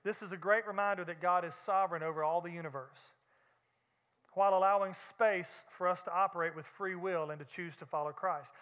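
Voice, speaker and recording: A preacher delivers an emphatic, conversational sermon in a very high, bright voice. Long reverb from the large sanctuary trails his words. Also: steady tone, a little fast. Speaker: pastor.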